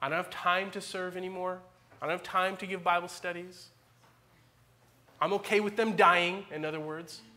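A man in his forties, a pastor preaching a church sermon with animated, dramatic emphasis that swings between loud peaks and quiet asides. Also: sits high, normal speed.

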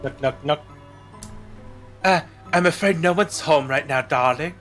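A man voicing a suave, flirtatious showman in a game, smooth and flattering. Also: on the high side, measured pace, soft background music.

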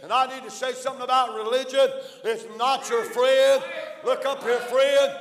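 A Southern American pastor preaching with a very high, strained voice, hammering home repeated lines with drawn-out "uh" fillers. He shouts through a long, ringing church hall reverb. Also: little pitch movement. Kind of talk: fiery evangelistic sermon. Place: church sanctuary.

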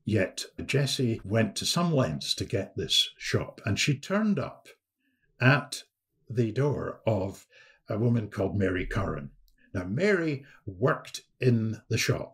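A man, a historian guest on a podcast, telling a story in a lively anecdotal way with frequent restarts. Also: lowish voice, creaky.

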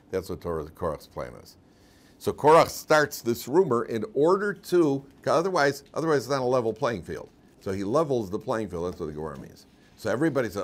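A man teaching a lively Torah class as a rabbi, telling stories animatedly and laughing often in front of his students. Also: lowish voice. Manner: animated, acts out quotes in put-on voices, laughs often.

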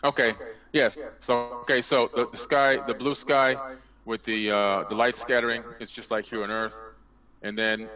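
A man's voice: mid-range voice, little pitch movement, normal speed, muffled recording, music in the background. A man on a video call, talking enthusiastically as a conference panelist, often restarting his sentences. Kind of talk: casual video call discussion.

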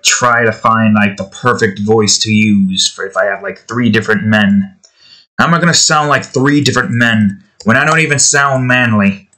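A man's voice: lowish voice, bright, forceful tone. A man hosting his art channel, chatting casually while he draws, rambling and poking fun at himself. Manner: rambling, self-deprecating, restarting. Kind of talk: casual chat while drawing.

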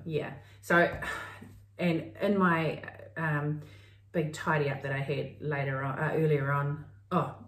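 New Zealand woman, low voice, roomy. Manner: chatty, meandering, thinks aloud. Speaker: podcast co-host. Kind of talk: casual crafting chat. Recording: roomy, mic at a distance.

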